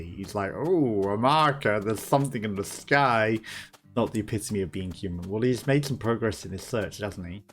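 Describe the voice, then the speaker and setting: A man hosting a let's play, giving chatty, amused gameplay commentary and laughing often. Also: lowish voice. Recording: voice over game music.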